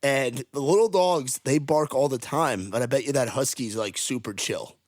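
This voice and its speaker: A man's voice: medium pitch, moderate pace, darkish tone, no echo, studio quality. A man hosting a podcast, chatting and joking in an upbeat way. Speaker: podcast host. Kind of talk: casual chat.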